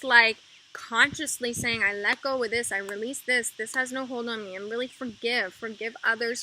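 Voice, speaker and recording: Woman, spiritual energy reader, very bright and high-ish voice, chatty and rambling, faint hiss behind. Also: low-quality recording. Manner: rambling, filler-heavy; soft repetitive mantra chanting. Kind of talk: casual spiritual monologue.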